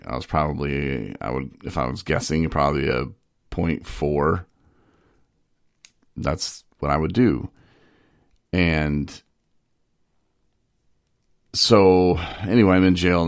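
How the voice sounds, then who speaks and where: Super deep gravelly guy just talking, rambling story, dry mic. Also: no echo. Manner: candid, rambling, with filler "you know". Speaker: podcast host in recovery. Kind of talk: personal storytelling monologue.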